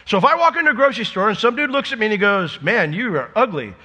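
Middle-aged preacher guy, husky but bright voice, jokey sermon bouncing in a big echoey hall. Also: very high-pitched, very fast. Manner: animated, jokey, acts out imagined dialogue.

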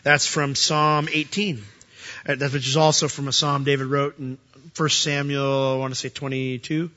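A man preaching a sermon as pastor, animated and acting out the voices he quotes. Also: mid-range voice, normal speed, muffled recording.

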